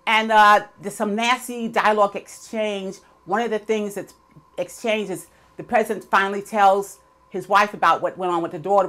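A woman's voice: lowish voice, fairly bright tone. A woman giving a casual, chatty recap of a TV episode, opinionated and full of fillers. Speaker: TV episode reviewer.

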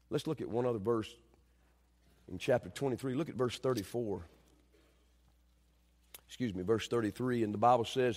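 A male pastor preaching a sermon, telling stories with shouted quotes and then dropping to quiet, earnest delivery. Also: mid-range voice, brisk, pauses often. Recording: long reverb of a church hall.

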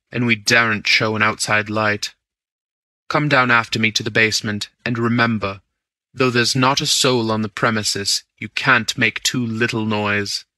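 A man voicing a cool, confident gentleman burglar who speaks low and measured, as in an audiobook. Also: no room sound. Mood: cautious. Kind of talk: audiobook character reading.

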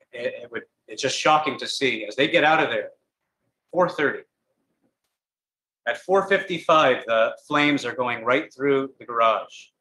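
Guy preaching in a big tent, bright forceful voice, roomy echo, dramatic story. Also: medium pitch. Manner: dramatic storytelling, wide swings in loudness. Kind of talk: gospel tent sermon. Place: large tent meeting.

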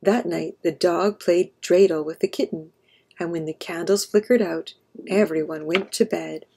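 Gravelly low-voiced woman reading aloud. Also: fairly even intonation, normal speed, darkish tone. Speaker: storyteller. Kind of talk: children's read-aloud.

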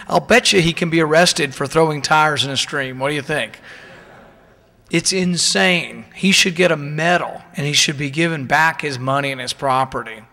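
A man's voice: on the high side, moderate pace, bright, forceful tone. A man, a politician, giving a political speech at a conference, full of indignant rhetorical questions to the audience. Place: conference hall. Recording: long reverb of a large hall.

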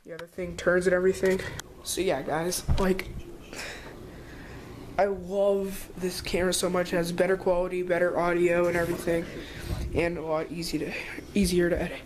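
A woman vlogging at home on a handheld camera, excited and rambling with lots of filler words. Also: lowish voice, normal speed, long pauses, noisy background. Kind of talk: casual vlog. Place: indoors at home.

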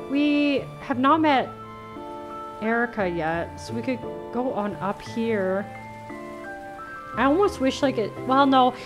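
A woman casually commenting on a cozy game, chatty and giggly. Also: a little high. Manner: giggly, chatty, animated reactions. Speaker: gaming streamer. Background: game music.

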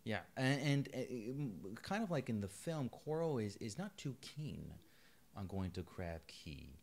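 A man's voice: mid-range voice, sing-song, measured pace. A man co-hosting a casual podcast book review, rambling and joking with lots of restarts. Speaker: podcast co-host.

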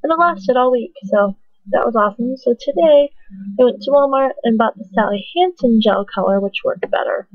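A woman's voice: a little high, normal speed, no echo. Chatty young woman on a tinny mic. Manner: chatty, filler-heavy, giggly and self-mocking. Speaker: vlogger. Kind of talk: casual rambling vlog. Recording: dry, tinny phone-like sound.

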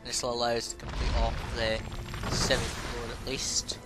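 A man's voice: medium pitch, monotone, normal speed, low-quality recording. A man casually rambling through game commentary, offhand and prone to swearing. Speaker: gaming let's play host. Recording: voice over game music.

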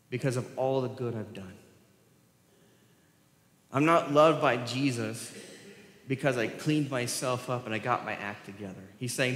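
A male pastor delivers a sermon in a relaxed, conversational way, tossing questions to the congregation and chuckling between points. His voice sits in a middle register. The sound carries a long, roomy reverb from the church hall. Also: mid-range voice, normal speed. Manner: conversational, asks the congregation questions, laughs often. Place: church sanctuary.

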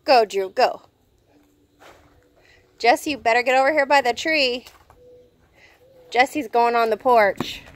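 Woman, high bright voice, cheerful and coaxing, outdoor family video. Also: slow, pauses often. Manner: cheerful, coaxing, keeps warning about her plants. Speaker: parent filming kids' egg hunt. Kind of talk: casual family vlog chat. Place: outdoors in a yard.

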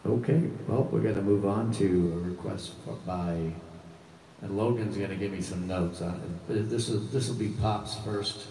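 Deep-voiced man with a Boston accent. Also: moderate pace, mellow. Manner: rambling, joking, loose and chatty. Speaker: bassist hosting a live music stream. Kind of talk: casual live-stream chat. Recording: echoey room, distant mic, faint noise.

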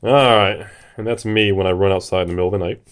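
This man hosts a card-opening video in casual, excited commentary. His voice sits fairly low. He gets jittery and hyped and breaks into shouts at the big pulls. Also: quick pace.

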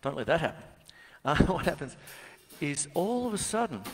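Jokey man, drum teacher on a venue stage, lively up-and-down delivery, loud drum kit behind. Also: on the high side, normal speed, big-room sound, music in the background. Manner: chatty and jokey, laughs often. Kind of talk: casual drum lesson demonstration. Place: music venue theatre stage.

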